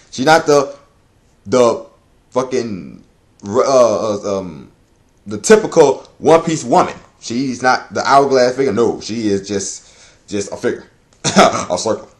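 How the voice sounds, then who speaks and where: A man talks through a manga chapter in a loose, unscripted review. He swears freely, laughs often and wanders off track. His pitch moves a great deal, leaping into high squeals of excitement. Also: normal speed. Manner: profane, laughing, rambling, breaks into high-pitched excited exclamations.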